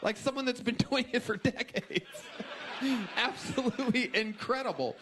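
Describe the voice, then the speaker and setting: A man's voice: extremely high pitch, normal speed. A man hosting a live comedy show in a club, exclaiming and laughing often as he questions a comic. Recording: live crowd and room noise.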